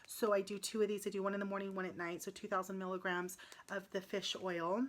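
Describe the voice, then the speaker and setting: A woman in her late thirties speaks to the camera in a casual vlog. She sounds upset and close to tears, restarts her sentences often and fills the pauses with ums. Her voice sits at a middle pitch. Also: flat delivery. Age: 30s. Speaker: vlogger.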